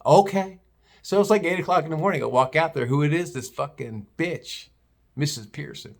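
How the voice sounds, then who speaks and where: A man's voice: on the high side, a little fast, vocal fry. An older man, a retired butcher, telling a story bluntly with plenty of swearing in a casual vlog. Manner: blunt, profane, animated storytelling.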